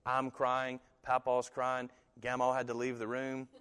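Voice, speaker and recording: Man, pastor, sermon, mid-pitched voice, lively storytelling, echoing church hall. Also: a little slow, smooth. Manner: animated storytelling, puts on other voices in quotes.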